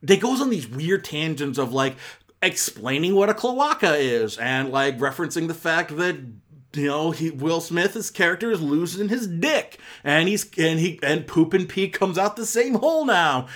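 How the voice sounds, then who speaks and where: A man's voice: on the high side, lively intonation, moderate pace, a bit bright. A man giving a casual spoken film review on a podcast, rambling and self-correcting with many fillers and exasperated asides.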